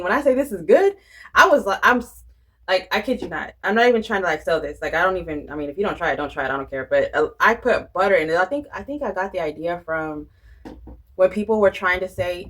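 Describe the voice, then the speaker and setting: A young woman talks straight to her viewers in a loose, chatty vlog. Her voice sits a little low, and she rambles along with lots of fillers and restarts, telling her story with animated energy. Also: rough recording. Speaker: budgeting and planner vlogger.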